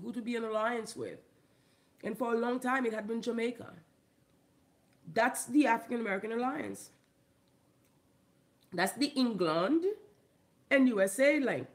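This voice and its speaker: A woman from Haiti, ranting bluntly and profanely into her phone, swinging between loud outbursts and muttering. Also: fairly high pitch. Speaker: vlogger. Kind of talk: profane comedic rant.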